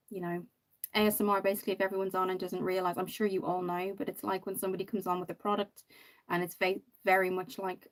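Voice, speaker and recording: A woman hosting a makeup livestream, chatting casually and rambling with many ums while reading viewer comments. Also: mid-range voice. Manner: chatty, rambling, lots of ums and "you know".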